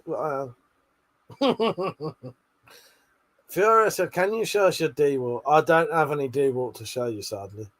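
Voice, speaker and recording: A man's voice: fairly high pitch, lively intonation, measured pace, pauses often, fairly bright tone. A man hosting a casual late-night livestream, reading out chat messages with lots of swearing, laughter and joking banter.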